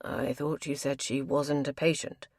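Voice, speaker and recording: A woman's voice: rumbling low, flat delivery, unhurried, a little mellow, no echo, clean studio sound, exaggerated voice. A woman voicing an earnest, emphatic middle-aged male country doctor.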